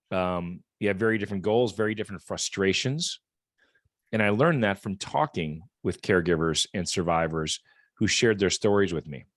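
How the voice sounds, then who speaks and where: A man's voice: fairly low pitch, no echo, clean studio sound. A man speaking as a guest at a support group meeting, telling stories in an earnest, conversational way, often repeating words as he goes. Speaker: guest speaker from a rehab equipment company.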